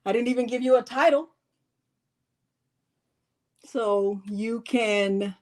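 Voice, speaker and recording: Woman, slightly high voice, chatty, casual live-stream craft tutorial, greets viewers one by one. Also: takes it slowly, long pauses, a little mellow.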